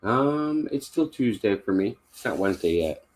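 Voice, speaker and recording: A man with a very low voice talks easily on a live stream from his home. He rambles a little, piles up fillers and laughs often. He grew up in Kentucky and keeps things relaxed. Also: normal speed. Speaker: livestream host. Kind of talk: casual live-stream chat.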